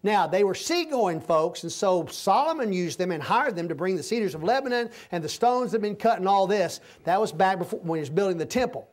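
A man's voice: sits high, lively intonation, brisk, hardly any pauses. A man preaching a conversational, verse-by-verse sermon in a folksy manner, often checking that his listeners are following.

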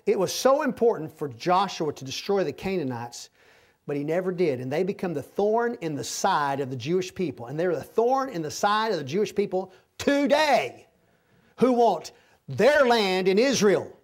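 A man's voice: high voice, sing-song, normal speed. A man preaching a conversational, verse-by-verse sermon in a folksy manner, often checking that his listeners are following.

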